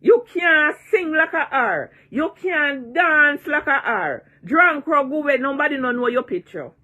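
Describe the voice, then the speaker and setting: A woman's voice: high-pitched, animated, measured pace, pushed and bright. A woman in her sixties with a Jamaican accent, ranting and taunting in a vlog, repeating her jeers and cursing freely. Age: 60s. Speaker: online personality.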